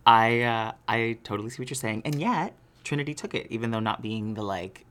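Very low-voiced woman podcast co-host. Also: a little fast, slight background noise. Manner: relaxed, rambling, lots of "like". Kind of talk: casual chat.

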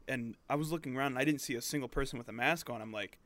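A young man in his twenties shares stories on a podcast in an easygoing, agreeable way. His voice sits at a middle pitch, and he lets out frequent chuckles. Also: rapid-fire, fairly bright tone. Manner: laid-back, chuckling, agreeable. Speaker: podcast co-host. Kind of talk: casual chat.

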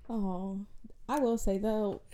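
A woman's voice: medium pitch, steady tone, slow pace, mellow. A young woman guest in a casual chat with friends, laid-back and given to chuckling asides.

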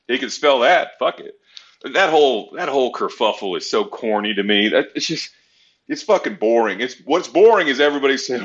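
A man's voice: medium pitch, sing-song, brisk, a bit bright. Profane blunt man ranting about sports. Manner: blunt, profane, rambling rants. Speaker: podcast co-host. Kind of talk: casual sports chat. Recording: dull lo-fi sound.

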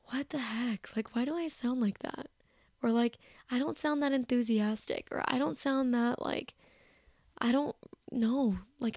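A woman's voice: on the high side, creaky, a little mellow, no room sound, clean studio sound. A woman in her twenties hosting a podcast, chatting casually on her own from her bedroom in a rambling, self-critical way. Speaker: podcast host. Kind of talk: casual solo chat. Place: bedroom, sitting on her bed. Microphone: personal mic.

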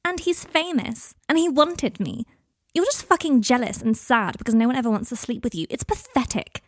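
A woman reading a story, voicing a defiant, sharp-tongued teenage girl with a higher, scornful voice. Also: lively intonation, fairly quick, no room sound, clean studio sound. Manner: scornful, sulky.

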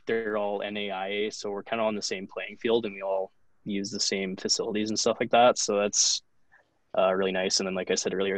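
A young man telling a long story on a podcast, rambling and full of fillers as he acts out other people's lines. His voice sits low, recorded close on the mic with a dry, unroomy sound. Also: no room sound. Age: young adult. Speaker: podcast guest, college hockey goalie. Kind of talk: casual storytelling chat.

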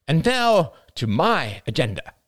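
A man's voice: on the high side, very animated, measured pace, fairly bright tone, dry recording, voice pushed up. A proud, ailing middle-aged woman, put on by a male audiobook narrator, once a famous reporter, who snaps and grandstands in a theatrical way. Her voice is raised and swoops widely, and it sounds close and dry. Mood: boastful. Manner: brash, snappish, theatrical.

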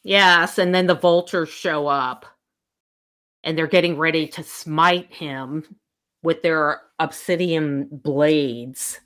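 A woman's voice: sits low, fairly even intonation, takes it slowly, fairly bright tone. A woman in casual chat, animatedly retelling a novel's plot and quoting the characters in her own voice. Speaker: book discussion co-host.

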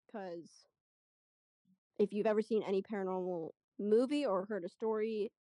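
A young woman telling a story in casual chat, chatty and animated, acting out what people said. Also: medium pitch, no echo. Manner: chatty, animated retelling with quoted voices. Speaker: guest storyteller.

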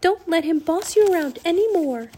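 A woman voicing a bold, cheerful young girl in a children's storybook, high and eager. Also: expressive, normal speed, darkish tone. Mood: urgent.

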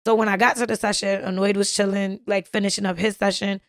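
A woman's voice: mid-range voice, little pitch movement, quick pace, no echo, clean studio sound. A woman recording artist in a casual chat, telling stories about making records in a slangy, easygoing way. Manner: storytelling, slangy, retells exchanges.

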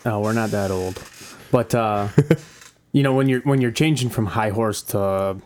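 A man's voice: lowish voice, unhurried, a little mellow, a little hiss or hum. Earnest guest man, dry teasing. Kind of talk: casual chat.

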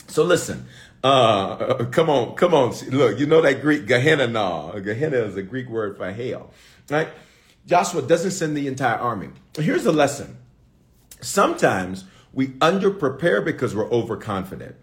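A middle-aged man preaching a sermon as a bishop, animated and playful, calling out to his listeners. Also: medium pitch, moderate pace. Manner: animated, call-and-response preaching with playful asides.

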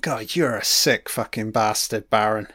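A man's voice: lowish voice, unhurried, pushed and bright, no echo, clean studio sound. A man giving a crude, mocking running commentary on a film, swearing heavily as he reacts.

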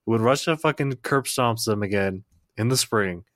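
Young dude on a podcast being sarcastic and swearing, dry sound. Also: male voice, fairly low pitch, moderate pace, a bit bright, no echo. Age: young adult. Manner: sarcastic, profane. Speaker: podcast co-host. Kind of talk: casual chat.

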